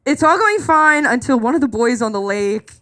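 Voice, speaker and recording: A woman in her twenties performing live stand-up, telling a story in an animated, self-mocking way and putting on voices for the people in it. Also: on the high side, normal speed. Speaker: stand-up comedian. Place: live comedy club stage.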